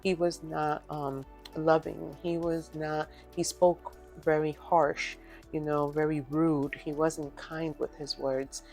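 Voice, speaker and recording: A woman from the tells her story in an earnest, reflective vlog. Her voice has a gravelly edge and stays fairly even in pitch, and soft music plays faintly behind her. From Dominican Republic. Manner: earnest, reflective, halting with many pauses. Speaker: vlogger. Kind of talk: personal testimony vlog.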